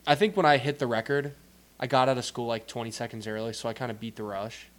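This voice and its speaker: A man's voice: medium pitch, fairly even intonation, quick pace. Young man, podcast co-host, casual chat, rambling, self-interrupting. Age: young adult.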